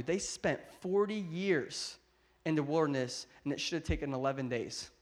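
A man preaching a sermon, building to loud emphatic peaks and acting out Bible dialogue. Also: on the high side, normal speed. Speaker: pastor.

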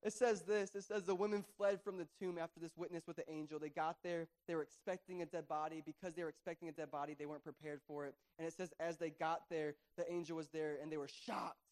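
A pastor giving a sermon with animated, conversational preaching and playful asides. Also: male voice, fairly high pitch, fast, few pauses.

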